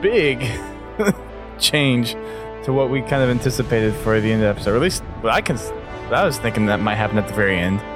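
A man hosting a casual podcast, excitable, laughing often and trailing off mid-sentence. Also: medium pitch, brisk, over music. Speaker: podcast host.

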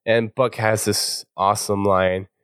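A man's voice: on the low side, measured pace, no room sound. Male walkthrough host, casual and chatty, dry close sound. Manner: relaxed, chatty, laughs often. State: recovering voice. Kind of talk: casual gameplay commentary.

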